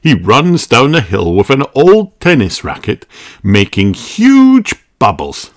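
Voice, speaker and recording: A man reading a children's storybook aloud in a clear, expressive way. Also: medium pitch, slow, slight background noise. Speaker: children's book reader.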